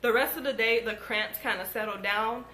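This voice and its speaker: A young woman vlogger tells a story straight to camera in a casual, animated way, swearing freely. Her voice sits a little high and sounds bright and forceful. The room is noticeably echoey. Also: normal speed, a little hiss or hum.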